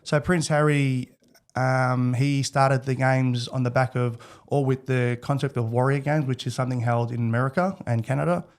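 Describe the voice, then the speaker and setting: A man's voice: medium pitch, steady tone, moderate pace, smooth. A man in his thirties with an Australian accent, a podcast guest talking candidly and rambling, with many restarts. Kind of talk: casual interview chat.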